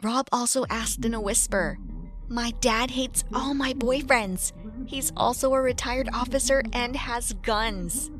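A young woman narrating a first-person story with a lively, dramatic telling. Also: on the high side, a little slow, music in the background.

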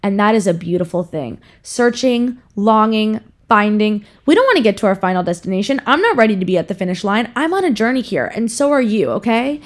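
A woman's voice: mid-range voice, sing-song, fairly quick, few pauses. A young woman hosting a casual monologue, frank and profane as she gives an earnest, heartfelt pep talk to her listeners. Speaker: podcast host, influencer.

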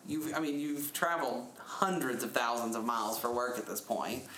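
A man in his thirties telling a story in a casual chat, animated and laughing often, his pitch jumping up when he retells things. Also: normal speed. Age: 30s. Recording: echoey room with faint noise.

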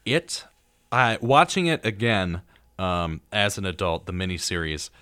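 A young male radio host with a lowish voice tells movie stories in a loose, rambling way, filling gaps with ums. His voice is dry and close, recorded in a studio. He briefly acts out characters' lines as he goes. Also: a little slow, clean tone, no echo. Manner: relaxed storyteller, acting out scenes with many ums. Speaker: radio talk show host. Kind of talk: casual chat about horror movies.

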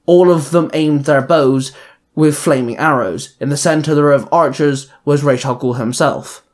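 A man's voice: on the high side, moderate pace, a little mellow. A man narrating a superhero fan fiction story in a plain storytelling manner. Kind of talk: reading fan fiction aloud.

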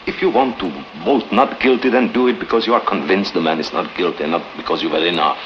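A man's voice: low-pitched, steady tone, close to an everyday voice. A man playing a stern, principled juror. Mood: reproachful. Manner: reproachful, measured and earnest. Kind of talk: 1950s film drama acting. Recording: dull noisy old film soundtrack.

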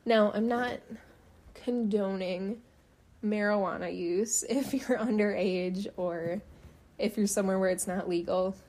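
A young woman telling a true-crime case in a loose, chatty way, full of "like" and "um". Her voice is mellow and warm rather than bright. She slips into dry sarcasm when something strikes her as wrong. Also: mid-range voice, fairly even intonation, a little slow. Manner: sarcastic, chatty, frequent fillers. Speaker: podcast host. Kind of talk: casual true-crime narration.

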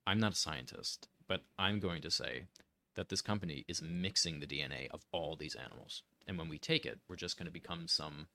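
A man's voice: extremely low pitch, a little fast, vocal fry, sharp tone. A man co-hosting a casual chat show, reading facts aloud with playful emphasis. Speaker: co-host.

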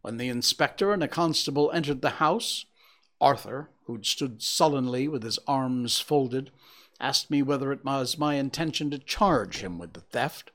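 A man reading a dramatic story aloud in an expressive, theatrical way. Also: mid-range voice, moderate pace. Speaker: audiobook narrator.

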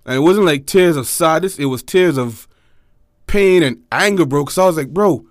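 Young guy telling a story, kinda high voice, dry close sound, gets really animated. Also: normal speed, no room sound. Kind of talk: casual storytelling.

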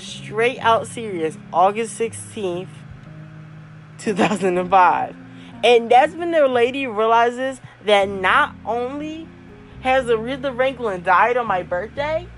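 A woman's voice: fairly high pitch, lively intonation, measured pace, soft background music, low-quality recording. A young woman hosting her own podcast, telling a personal story in a casual, chatty way with frequent laughs and fillers. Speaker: podcast host.

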